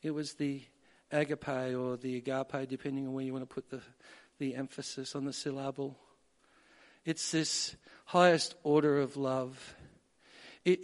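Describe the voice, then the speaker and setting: A man preaching a sermon, measured at first and building to emphatic peaks. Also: medium pitch. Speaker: pastor.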